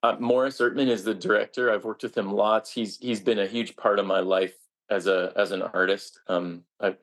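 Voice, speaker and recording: A man, a stage actor, answering interview questions in an earnest, halting way with frequent restarts. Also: on the low side.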